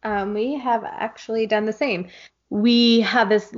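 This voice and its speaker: A woman co-hosting a podcast in casual chat, telling lively stories and acting out quotes. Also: a little high, measured pace. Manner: animated storyteller, acts out quotes. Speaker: podcast co-host. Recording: dull lo-fi recording.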